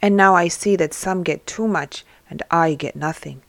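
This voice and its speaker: A woman narrator puts on an old beggar man full of grievance, loud and indignant. His pitch swings from high protest to low grumbling. The voice sits close and dry. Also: normal speed, creaky, dry recording. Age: older.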